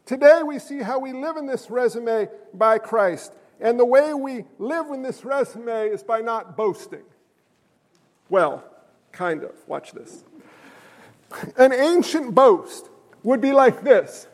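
High-voiced joking pastor in an echoing hall. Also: male voice, slow. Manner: animated, joking storyteller. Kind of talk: sermon.

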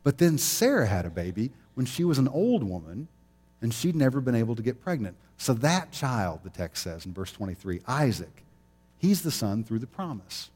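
A man's voice: medium pitch, big pitch swings, moderate pace, darkish tone, husky, long reverb tail. Conversational male preacher. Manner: conversational storytelling, laughs easily. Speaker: pastor. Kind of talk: sermon.

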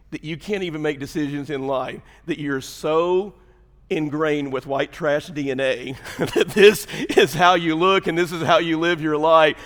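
In a church sanctuary with a long hall reverb, a male pastor preaches a folksy sermon, telling stories and making asides to his congregation. His voice sits high with a fairly bright tone.

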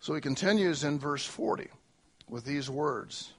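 A man preaching a sermon to a church congregation, emphatic, with long spoken lists and big swings between loud and soft. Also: on the high side, unhurried. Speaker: pastor.

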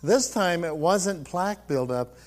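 Older man, testimony storyteller, slightly high voice, laughs often. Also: expressive, measured pace, a little mellow. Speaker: preacher giving testimony. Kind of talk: personal testimony to a congregation.

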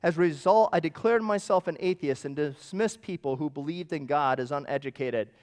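A man preaching a sermon, telling stories in long quoted runs and swinging between hushed and emphatic delivery. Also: a little high, fairly quick, long reverb tail. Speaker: pastor.

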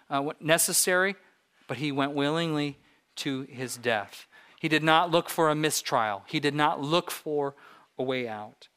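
A male pastor delivering a sermon in a slightly high voice. He speaks emphatically, stacking repeated phrases for rhetorical force. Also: a bit bright, clear, resonant tone.

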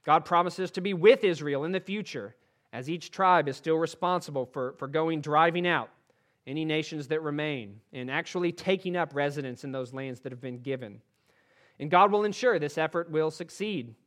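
A man preaching a sermon in a fairly high voice. He reads scripture with rising force, then drops to a hushed, earnest tone to press the point home. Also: normal speed. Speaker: pastor.

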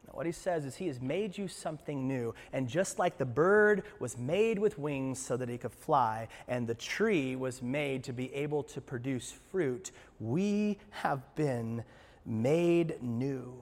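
A man pastor preaching a sermon in a church, moving between hushed passages and emphatic ones, with playful asides to the congregation. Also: fairly high pitch, expressive, moderate pace, in a large hall. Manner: passionate, swings from hushed to emphatic. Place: church sanctuary.

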